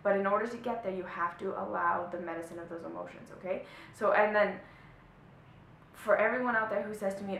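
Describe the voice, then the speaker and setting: A woman's voice: a little fast, creaky, fairly bright tone. A woman spiritual life coach teaching to camera in an emphatic, motivational way, often checking in with her listeners. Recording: echoey room with faint low rumble.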